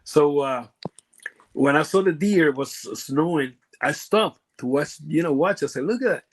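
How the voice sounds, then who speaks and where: Puerto Rican man telling halting stories. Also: fairly high pitch. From Puerto Rico. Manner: halting, lots of fillers and restarts, broken grammar. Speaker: guest, former pro wrestler. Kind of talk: casual storytelling interview.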